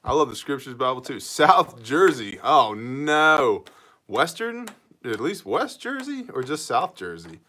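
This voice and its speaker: Animated man hosting a live chat. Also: mid-range voice. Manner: joking, quick greetings to viewers, animated. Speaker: livestream host reading viewer comments.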